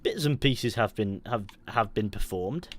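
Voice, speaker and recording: A young man chatting casually through a live game stream into a headset, rambling, restarting his sentences and getting excited. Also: lowish voice, measured pace.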